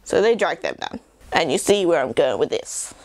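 Young english woman rambling to camera, swoopy lively pitch, dry close sound. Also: normal speed, dry recording. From England. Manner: chatty, rambling, self-deprecating. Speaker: YouTuber. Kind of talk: rambling casual vlog chat.

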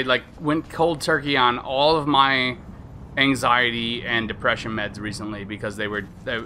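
A man in his thirties streaming a video game, talking candidly and rambling, trailing off, then bursting into high excited reactions at the game. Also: a little hiss or hum. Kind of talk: casual let's-play commentary.

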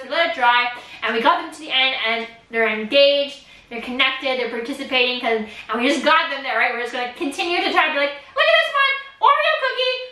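Bubbly high-voiced woman art teacher. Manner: bubbly, animated, bursts into excited squeals when quoting kids. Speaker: art teacher and course host. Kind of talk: energetic teaching vlog. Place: her art studio, alone. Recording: roomy, slightly distant camera audio.

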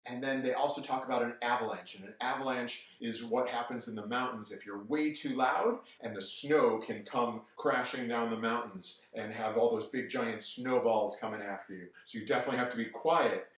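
A man teaching a music lesson to children on television, cheerful and brisk as he talks straight to the kids. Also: medium pitch, steady tone. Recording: echoey room, mic at a distance.

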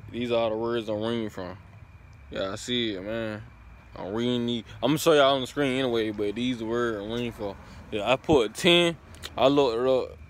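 A man's voice: mid-range voice, slight background noise. A man vlogging casually, laid-back and full of slang, often stumbling over words and chuckling at himself. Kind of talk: casual vlog.

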